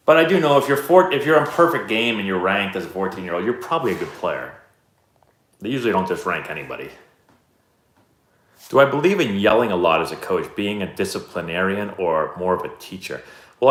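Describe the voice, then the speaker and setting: A man in his thirties hosting a live stream, answering chat questions in a relaxed, rambling, self-deprecating way. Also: low voice. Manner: laid-back, rambling, self-deprecating storyteller. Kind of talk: casual chat. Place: indoor room, live stream. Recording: roomy echo.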